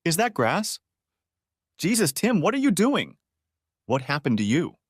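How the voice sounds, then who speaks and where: A man's voice: medium pitch, big pitch swings, measured pace, a bit bright, dry recording, studio quality. A man voicing a tearful young wife who pleads and insists after being caught cheating. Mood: alarmed.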